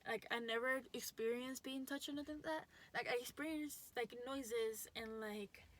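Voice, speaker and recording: A woman's voice: fairly high pitch, moderate pace. A young adult woman telling a story in a casual vlog, chatty and full of fillers and restarts. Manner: chatty, lots of likes and restarts. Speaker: vlogger.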